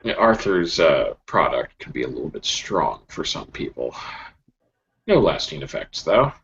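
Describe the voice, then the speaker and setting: A man's voice: extremely low pitch, very animated, measured pace, a bit bright. A man narrating a tabletop role-play as game master, laughing often and talking with many fillers. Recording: dull lo-fi mic with faint noise.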